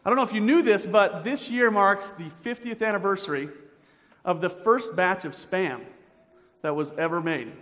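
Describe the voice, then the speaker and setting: A man emceeing a pageant, joking playfully and quizzing the audience as he warms up the crowd. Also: sits high, normal speed. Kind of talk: crowd warm-up banter. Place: large indoor auditorium. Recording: reverberant hall with crowd noise.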